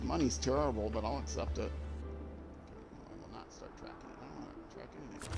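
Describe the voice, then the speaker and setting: A man's voice: mid-range voice, fast, creaky, over music. A man giving casual gameplay commentary as a streamer, rambling and correcting himself, with jokey asides. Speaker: game streamer.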